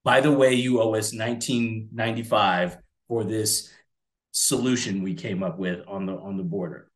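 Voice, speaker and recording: Male co-host, 40s, rambling and animated, echoey room. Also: on the low side, normal speed. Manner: animated, rambling, acts out voices. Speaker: podcast co-host. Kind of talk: casual political chat. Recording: roomy echo.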